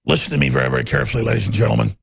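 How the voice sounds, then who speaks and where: A man's voice: mid-range voice, racing, gravelly, slightly rough, no room sound. A middle-aged man hosting a talk radio show, ranting heatedly about politics in a studio, repeating words and acting out quotes.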